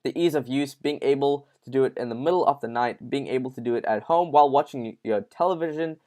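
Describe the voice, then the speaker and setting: A man in a mid-range, mellow voice hosts a casual online crypto news show, talking fast. He speaks informally and directly to his viewers, calling them guys, with loose speech full of fillers.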